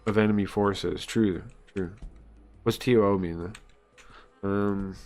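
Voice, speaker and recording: Rambling male streamer, low-key. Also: steady tone, a little slow, a little mellow, soft background music. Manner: rambling, explanatory, many fillers. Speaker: streamer reading a comic aloud. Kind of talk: casual live-stream commentary.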